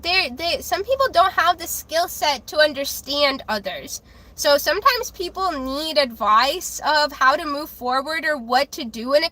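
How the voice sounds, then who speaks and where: A high-voiced woman chats on her own live tarot stream. Her tone is bright and forceful. She speaks bluntly and defensively, with frequent fillers and self-corrections. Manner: chatty, many fillers and restarts. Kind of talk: casual live-stream chat.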